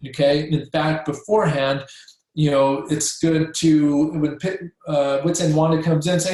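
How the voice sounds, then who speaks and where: A man runs a casual training session, talking listeners through how to handle patients and slipping into acted-out example conversations. His voice sits a bit high, and it bounces around a very reverberant room. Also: level tone, unhurried, a little mellow. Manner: coaching, checks in with listeners with frequent "okay?"; acts out sample conversations with patients. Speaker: chiropractic practice trainer. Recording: very echoey room.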